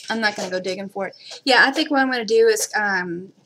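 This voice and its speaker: A woman's voice: medium pitch, fast, noisy background. A woman hosting a casual crafting livestream, rambling and talking to herself as she works. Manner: rambling, self-talk while working.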